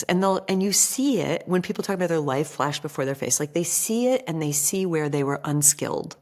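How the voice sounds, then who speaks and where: A woman with a low voice is a guest on a casual podcast. She tells stories with animation and acts out the voices she quotes. Her talk is full of "like". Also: brisk, hardly any pauses. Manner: animated storyteller who acts out quoted voices, heavy use of "like".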